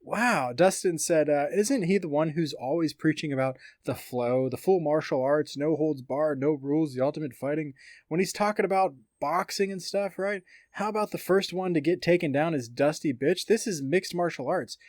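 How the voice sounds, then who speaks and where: A man's voice: on the high side, moderate pace, darkish tone, no room sound, studio quality. A man co-hosting a casual podcast, rambling through fight news with lots of fillers and reading quotes aloud. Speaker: podcast co-host.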